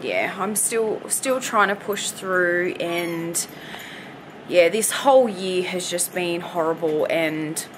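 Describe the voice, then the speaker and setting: A woman's voice: fairly low pitch, a bit bright, a little hiss or hum, rough recording. A woman in her twenties giving a candid, hesitant update on her recovery from home, with lots of "you know" fillers while she is still on crutches. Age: 20s. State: recovering from hip surgery, on crutches. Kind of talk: casual personal update. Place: at home with pets nearby.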